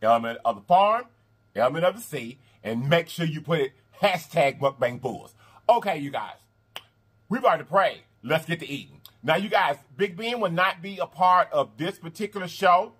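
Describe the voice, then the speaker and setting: A man hosting a mukbang eating video in casual chat, animated and repetitive, calling his viewers y'all and honey. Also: on the high side, moderate pace, slightly rough. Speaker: mukbang host. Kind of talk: casual eating vlog talk.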